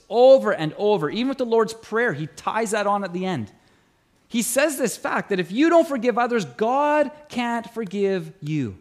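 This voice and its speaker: A male pastor preaching a sermon in an animated way, with dramatic pauses and acted-out quotes. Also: high voice.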